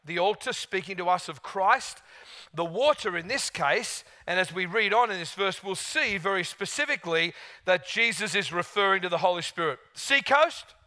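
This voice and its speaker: Male preacher, animated storyteller, bright, ringing, high-pitched voice. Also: normal speed. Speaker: guest preacher. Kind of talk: sermon with storytelling.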